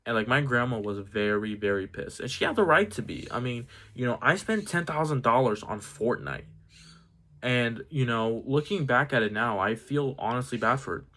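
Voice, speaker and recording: A man's voice: medium pitch, expressive, moderate pace, pushed and bright. A young man telling a personal story in a casual, rambling way, full of "like" and "dude". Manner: rambling, filler-heavy, says "like" and "dude" a lot. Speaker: vlogger.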